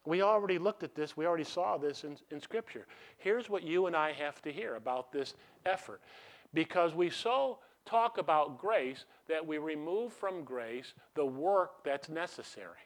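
A middle-aged man preaching a sermon as a pastor. He asks the congregation questions and lets them answer, and he swings between loud emphatic bursts and quiet asides. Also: on the high side, lively intonation, moderate pace. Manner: call-and-response questions to the congregation.

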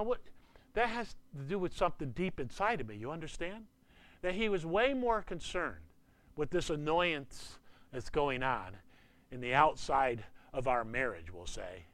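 A man in his sixties, a pastor, preaching in a conversational way, peppering his talk with "you know" and dropping to a hushed voice for emphasis. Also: medium pitch, no echo. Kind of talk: sermon.

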